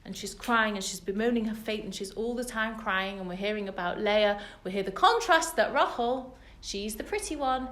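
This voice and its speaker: This British woman, a religious teacher, talks at a moderate pace with barely any pauses, her mid-range voice fairly bright. She's giving a Torah class to women, telling the story to those present in an earnest, emphatic way. The recording comes from an echoey room.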